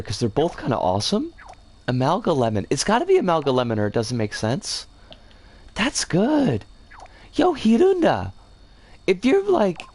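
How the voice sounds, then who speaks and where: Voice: medium pitch, a little mellow. A game streamer talking casually while building a level, chatting with viewers and often stopping to correct themselves. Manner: rambling, chats with viewers and reads chat aloud; self-correcting, trips over words.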